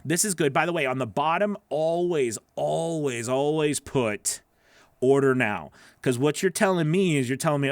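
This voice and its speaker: A man's voice: a little high, expressive, moderate pace, no echo. A man coaching voice-over freelancers, critiquing their gig pages live in a casual, encouraging way, repeating himself with many fillers, from home.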